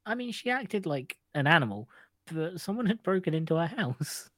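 A woman's voice: fairly low pitch, very animated, normal speed, dry recording. A woman co-hosting a podcast in casual chat, rambling and laughing often. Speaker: podcast co-host.

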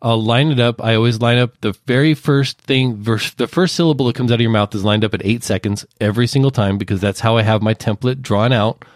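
A man working as an associate producer, calmly walking through his podcast editing process step by step in a casual chat. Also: medium pitch, fairly quick, hardly any pauses, dry recording, clean studio sound. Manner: detailed, methodical step-by-step explaining.

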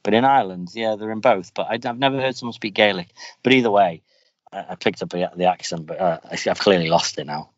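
A man's voice: sits low, fast talker, dry recording. A man hosting a podcast, chatting casually and rambling through stories with restarts. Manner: rambling, storytelling with many restarts. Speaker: podcast host. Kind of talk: casual chat. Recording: dull lo-fi, faint music.

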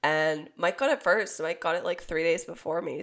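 A young woman co-hosting a podcast, hoarse and raspy from being sick, telling a rambling story with laughs. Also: on the low side, moderate pace, fairly bright tone. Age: young adult. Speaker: podcast co-host. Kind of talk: casual chat.

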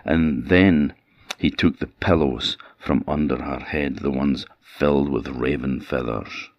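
A man with an Orcadian accent telling a traditional folktale with lively, dramatic delivery. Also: rumbling low, slow pace, no room sound, lo-fi sound. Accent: Orcadian Scots. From Orkney Islands. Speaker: traditional storyteller.

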